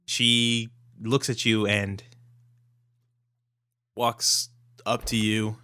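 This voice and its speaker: A man's voice: fairly low pitch, level tone, extremely slow, sharp tone, clean tone. A man narrating a tabletop game as game master in a hesitant style with many fillers.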